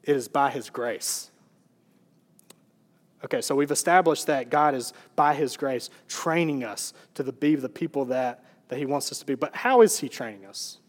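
A man's voice: medium pitch, moderate pace. Earnest preacher man, long hall reverb. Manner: earnest, conversational preaching with fillers. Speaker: pastor. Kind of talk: sermon.

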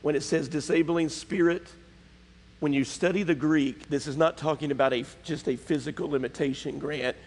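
A man's voice: on the high side, fairly even intonation, moderate pace. A man preaching a sermon, emphatic and conversational, often questioning his congregation. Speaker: pastor. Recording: long hall reverb.

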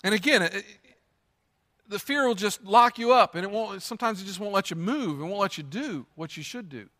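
A pastor preaching a sermon in a church sanctuary, earnest and emphatic, driving his points home by repeating them. His voice is high and bright, carrying a long reverb from the large room around him. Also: lively intonation, brisk.

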